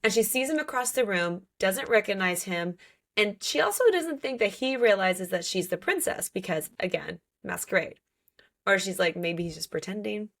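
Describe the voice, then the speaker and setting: A woman hosting a book podcast, recapping a story in a casual, animated way, full of "like" and playful swearing. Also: medium pitch, moderate pace.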